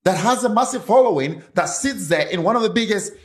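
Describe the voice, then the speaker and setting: Angry ex-footballer on a panel, high voice swinging all over, keeps hammering his point. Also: animated, a little fast. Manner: angry, emphatic, repetitive. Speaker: former footballer, pundit guest. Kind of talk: angry studio discussion.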